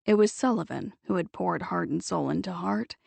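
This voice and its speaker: A woman narrating a novel in a steady storytelling read. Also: fairly low pitch, normal speed, gravelly, breathy edge, dry recording. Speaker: audiobook narrator. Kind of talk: scripted audiobook narration.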